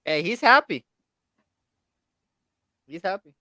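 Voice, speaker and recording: Brash, bright-voiced young man. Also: sits high, slow pace, no room sound, clean studio sound. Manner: excitable, brash, swears freely. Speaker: live stream co-host. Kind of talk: casual sports chat.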